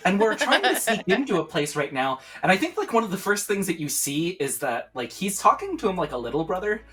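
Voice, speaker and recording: Lower-voiced, playful woman gamer. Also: very animated, brisk, a bit bright, husky. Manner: playful and exclamatory. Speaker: tabletop game player. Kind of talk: casual play talk.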